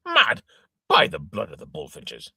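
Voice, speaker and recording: A man's voice: low voice, wildly swooping pitch, a little slow, vocal fry, slightly rough, no echo, studio quality, heavily acted. A man doing a blustering, hot-tempered old father. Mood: indignant. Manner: sputtering oaths, exclaiming, shouting indignantly. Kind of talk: amateur reading of an old stage farce.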